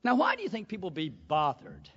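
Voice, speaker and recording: Preacher, man, high lively voice, emphatic, asks the crowd for amens; muffled hall recording. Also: brisk, breathy edge. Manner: emphatic, swings from quiet asides to shouting; calls out to the congregation for amens. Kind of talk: sermon.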